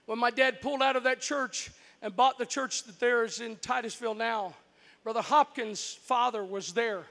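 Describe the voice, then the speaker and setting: A man from Florida preaching a sermon built on stories from his childhood, animated and breaking into shouts at the big moments. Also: very high-pitched, moderate pace, in a large hall. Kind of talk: storytelling sermon.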